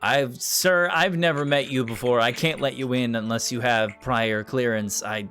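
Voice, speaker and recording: A man's voice: mid-range voice, normal speed, fairly bright tone, faint music behind, lightly acted. A polite town guard, flustered and stammering as he apologizes, played by a man. The voice stays plain and everyday, with no big change in tone. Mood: apologetic.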